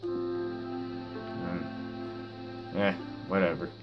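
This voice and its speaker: Slow, deep-voiced halting teenage boy. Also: flat delivery, lo-fi sound. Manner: hesitant, halting, full of fillers and restarts. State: sore mouth after wisdom teeth removal. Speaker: gaming YouTuber. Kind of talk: casual gameplay commentary. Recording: guitar music playing under the voice. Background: guitar music.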